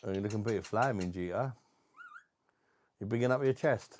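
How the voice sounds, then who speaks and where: A man's voice: on the low side, moderate pace, a little mellow, a little hiss or hum. A British man in casual chat, swearing and joking as he coaxes his pet parrot to talk. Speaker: vlogger.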